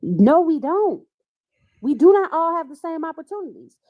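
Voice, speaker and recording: A woman's voice: extremely high pitch, sing-song, normal speed, dry recording, highs cut off. A woman from Illinois, a guest on a casual livestream chat, speaking bluntly and emphatically.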